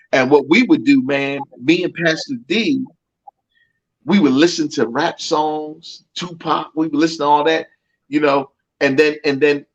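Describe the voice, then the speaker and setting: A middle-aged man with a slightly high, husky voice, talking as a motivational coach. He speaks emphatically, repeats his points and restarts his sentences with a preacher-like rhythm. The sound is dull and lo-fi. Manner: emphatic, repetitive, preacher-like cadence with many restarts. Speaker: coach, interview guest. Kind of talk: motivational interview talk.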